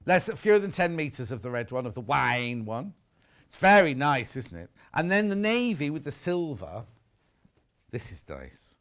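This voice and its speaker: A man's voice: mid-range voice, very animated, normal speed, a bit bright. A middle-aged man presenting fabrics on a live shopping show, chatty and teasing. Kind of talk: live sales presentation with chat.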